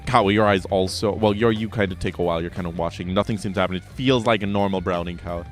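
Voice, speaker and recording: A man's voice: low voice, fast, soft background music. A man running a tabletop game as game master, describing scenes vividly and at length with plenty of fillers.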